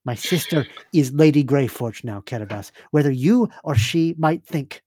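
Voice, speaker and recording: A man's voice: mid-range voice, lively intonation, normal speed, mellow, no echo, clean studio sound, close to an everyday voice. A man voicing a stern, grieving woman who leads a temple, speaking formally and with command. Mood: grave.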